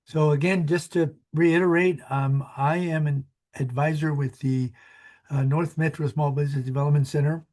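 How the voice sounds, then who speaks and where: A man's voice: fairly high pitch, steady tone, normal speed, darkish tone. Rambling older male business advisor. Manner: friendly, rambling with many fillers. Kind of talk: webinar presentation.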